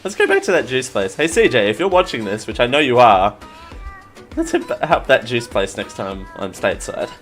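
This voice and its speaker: Soft music plays behind an Australian man hosting a casual live podcast show. His mid-range, fairly bright voice swings widely in pitch at a normal speed. His talk meanders, he teases himself, and he often begins again.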